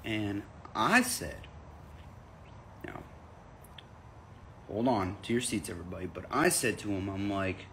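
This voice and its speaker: A man's voice: on the low side, animated, unhurried, pauses often, fairly bright tone, a little hiss or hum. A man telling a comic anecdote in a casual, profane way, jumping into quoted voices. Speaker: comedian telling a story.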